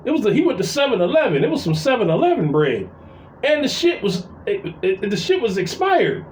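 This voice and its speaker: A middle-aged male vlogger venting about his family tells a long, profane story in a high, sing-song, fairly quick voice with a darkish tone. His casual rant rambles, full of fillers and repeats, and the recording has a roomy echo.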